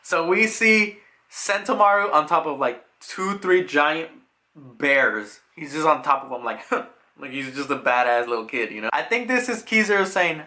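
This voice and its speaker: A man with a voice on the high side speaks at normal speed in a casual chat. As a reviewer, he retells a manga chapter in an animated way, acting out the scenes as he goes.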